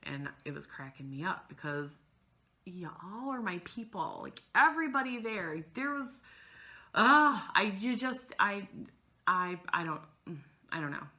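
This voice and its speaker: A woman's voice: medium pitch, big pitch swings, unhurried, bright, forceful tone. A woman vlogging casually about cross-stitching, rambling and gushing, emotional and close to tears, often trailing off mid-sentence. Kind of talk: casual chat to camera.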